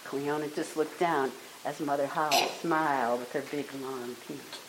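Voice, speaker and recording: A woman storyteller telling an oral folktale in an expressive, animated way. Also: sits low, unhurried. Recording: echoey room with faint hiss.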